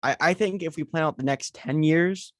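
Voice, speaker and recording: A man co-hosts a podcast over a video call, rambling and hesitating in casual chat with many fillers. His voice is a little high and a bit bright, at normal speed. The recording is dry, with clean studio sound.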